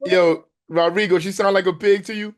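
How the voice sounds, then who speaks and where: A man's voice: high voice, steady tone, fairly quick. A man, a course participant, joking and teasing in slangy casual banter on a video call.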